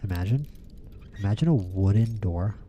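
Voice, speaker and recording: Man, low voice, casual let's-play commentary, rambling and playful, clear background noise. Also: lively intonation, normal speed, dark tone, dull audio. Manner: rambling, playful, repeats words in bursts. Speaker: gameplay streamer.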